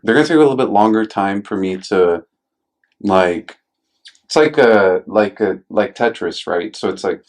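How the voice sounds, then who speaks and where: Joking, rambling man in casual chat. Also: deep voice. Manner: joking, rambling with many fillers. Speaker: podcast host. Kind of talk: casual conversation.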